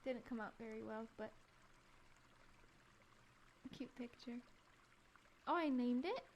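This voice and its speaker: A woman's voice: on the high side, slow pace, dull audio, slight background noise. A woman streamer chatting casually over her travel photos, giggling often and rambling with frequent restarts. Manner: giggly, laughs often between remarks. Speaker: live streamer.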